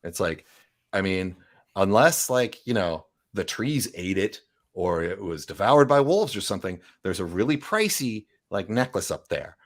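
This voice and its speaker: A man's voice: low-pitched, animated, measured pace. A man narrating as game master, rambling with many fillers and asides. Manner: rambling, lots of fillers and "right?".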